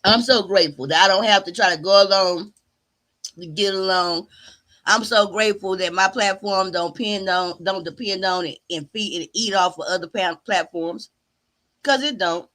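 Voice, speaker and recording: A woman's voice: medium pitch, moderate pace, fairly bright tone. A middle-aged woman doing casual live-stream commentary in a sassy, drawling way. She often repeats words and trails off mid-thought. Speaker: YouTube commentary host.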